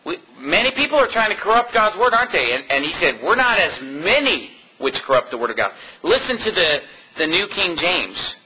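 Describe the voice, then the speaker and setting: An American pastor preaching a sermon in an animated, mocking way, laughing often. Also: male voice, high-pitched, normal speed, a little hiss or hum, rough recording.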